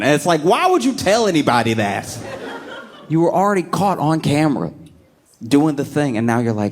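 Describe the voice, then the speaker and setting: A man performing a stand-up comedy set, telling stories animatedly and slipping into quick voices. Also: a little high, big pitch swings.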